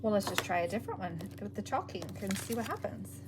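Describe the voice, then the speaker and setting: A woman's voice: medium pitch, sing-song, fast talker, very noisy. A woman hosting a crafting video, thinking aloud as she works and muttering half to herself. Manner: talks to herself while working, trailing off and muttering. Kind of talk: casual crafting commentary.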